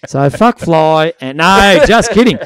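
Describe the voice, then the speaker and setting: Australian man, podcast co-host, lively storyteller, slightly high voice, dry close sound. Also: unhurried, clean tone, no room sound. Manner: animated, acts out voices in anecdotes, swears freely. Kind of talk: casual storytelling chat.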